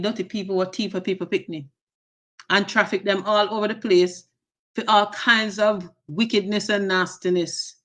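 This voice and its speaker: A woman's voice: medium pitch, fairly bright tone. A woman with a Jamaican accent hosting a casual live stream. She greets viewers by name with endearments and slips into patois phrases.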